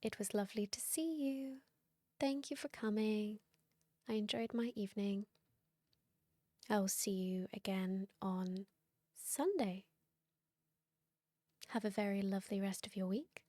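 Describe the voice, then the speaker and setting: A woman's voice: medium pitch, normal speed, pauses often, warm tone, no echo, clean studio sound. A woman streamer chatting casually and playfully with her viewers late at night, teasing and laughing often.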